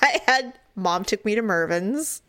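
A young woman chatting casually as a podcast co-host, telling stories with lively acted-out quotes. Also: measured pace. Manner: animated storyteller, acts out quotes in high squeals. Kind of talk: casual chat.

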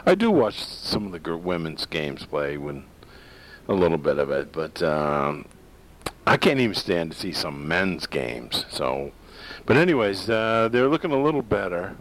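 A man's voice: sits low, very animated, moderate pace, poor audio. A man hosting a talk radio show, rambling through opinionated casual monologue with many fillers and restarts.

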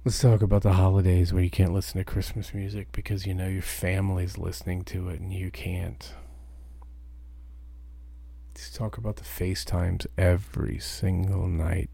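Deep gravelly man ranting. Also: level tone, normal speed, dark tone. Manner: profane, ranting. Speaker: truck driver. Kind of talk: podcast monologue.

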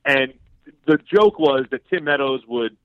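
Male phone-in guest, mid-pitched voice, relaxed rambling anecdotes, tinny phone line. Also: unhurried, smooth. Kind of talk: casual chat, storytelling.

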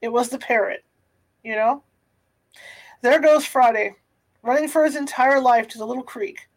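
A woman's voice: a little high, poor audio. Woman reading a classic story aloud. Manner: unhurried, with small stumbles and restarts. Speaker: reader.

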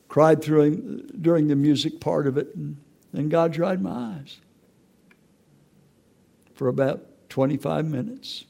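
An older man with a gravelly voice giving a personal, emotional testimony, telling stories and stumbling over repeated words. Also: on the high side, a little slow, pauses often, warm tone. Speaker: testimony speaker.

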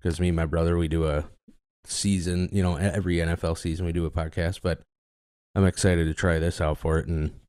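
A man from Minnesota talking as a podcast guest from his basement, easygoing and quick to laugh. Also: deep voice, level tone, darkish tone, clear, resonant tone, no echo. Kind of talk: casual podcast chat. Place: cinder-block basement room.

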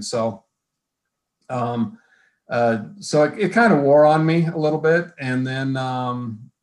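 A man as an interview guest, recounting his career in a measured way with frequent ums. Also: mid-range voice. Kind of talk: casual conversational interview.

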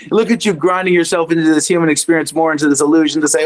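A man's voice: fairly high pitch, fairly even intonation, quick pace, hardly any pauses, a little mellow. A man as a podcast guest, chatting casually and animatedly about spirituality, swearing freely and mocking his own inner voice.

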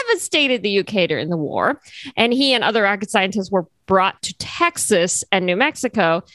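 A woman's voice: mid-range voice, a bit bright, no echo. A woman co-hosting a podcast, talking loosely with lots of fillers and jokey asides. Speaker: podcast co-host. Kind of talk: casual chat.

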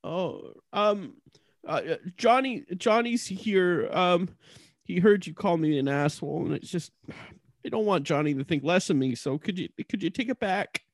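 A man plays a spineless husband with a high, close, dry voice, flustered and stammering. He fawns and frets for approval in an improvised comedy sketch. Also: moderate pace, dry recording. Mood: fawning. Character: nervous, spineless husband, fawning toward his friend.

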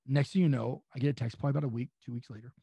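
Gravelly, profane man telling stories. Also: medium pitch, rapid-fire, dry recording, lo-fi sound. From California. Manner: profane, rambling, animated anecdotes. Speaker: wrestling guest. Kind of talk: casual podcast storytelling.

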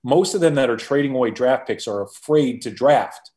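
A former football executive appears as a guest on a podcast, speaking at normal speed in an ordinary mid-pitched voice. In this conversational interview he recounts his own experiences as an animated storyteller who often restarts his sentences.

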